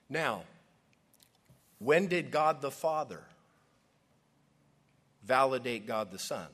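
A man delivering a sermon at an ordinary pitch for a man. He swings between loud, emphatic declarations and soft, hushed near-whispers, often slowing for weight. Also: lively intonation, slightly rough. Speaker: pastor.

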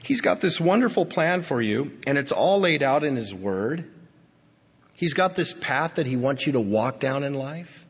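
A man preaches a heartfelt sermon in a husky voice, his pitch rising and falling widely as he moves between hushed and emphatic passages. The recording sounds dull and lo-fi, with a long reverb trailing off in a large hall. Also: sing-song, normal speed. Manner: emotional, swinging from hushed to emphatic. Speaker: pastor.

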